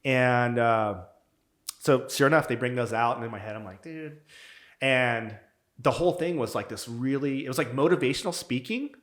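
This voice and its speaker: A man guest telling stories in casual talk, acting out quotes with lively energy and saying "dude" often. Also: medium pitch, normal speed. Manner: animated, acts out quotes, says "dude" a lot. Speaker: podcast guest. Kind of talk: casual storytelling.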